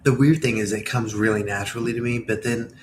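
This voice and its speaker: A man's voice: medium pitch, steady tone, fast talker, a little hiss or hum. A man from Southern Indiana chatting casually on a livestream while baking, rambling from one topic to the next. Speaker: livestream host.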